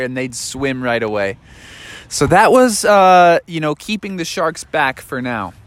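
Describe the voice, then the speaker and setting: A man spinning an improvised bedtime story at home, easygoing and playful, dropping in surfer slang as he goes. His voice sits a bit high for a man. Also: expressive, a little slow, fairly bright tone, dry recording. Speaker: parent telling a story.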